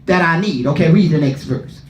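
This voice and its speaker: Man, pastor, high pitch, fervent preaching, questions to the room, echoey hall. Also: fairly quick, a little hiss or hum. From not from Philadelphia. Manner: fervent, asks the room questions, repeats words. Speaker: pastor leading Bible study. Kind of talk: preaching at a Bible study.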